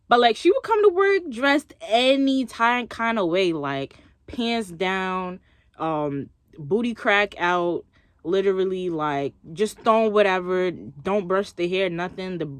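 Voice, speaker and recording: A woman's voice: mid-range voice, no echo. A young woman vlogging, chatting expressively as she tells a story and acts out what others said. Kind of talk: casual storytelling to camera.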